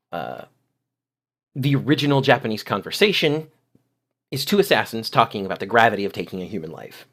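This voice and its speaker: A man hosting a channel gives critical video commentary, sounding exasperated and sarcastic while explaining translations in detail. His voice is mid-range with a fairly bright tone.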